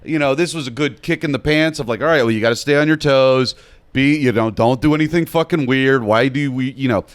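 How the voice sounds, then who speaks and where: A man telling a story in casual chat, animated and swearing as he acts out both sides of it. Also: medium pitch, a little fast. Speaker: podcast guest.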